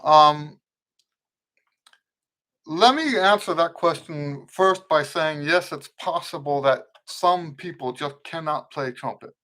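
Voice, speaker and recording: A middle-aged man with a somewhat high voice and a mixed American accent rooted in Western Pennsylvania. He hosts a casual live trumpet Q&A in a rambling way, often breaking off and rewording his sentences. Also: takes it slowly, a bit bright. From eastern United States. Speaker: trumpet teacher and show host.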